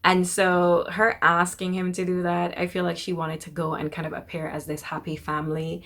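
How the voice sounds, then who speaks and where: A young woman casually recapping a TV episode, chatty and animated, quoting the characters in quick bursts. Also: fairly low pitch, vocal fry. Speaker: TV episode reviewer.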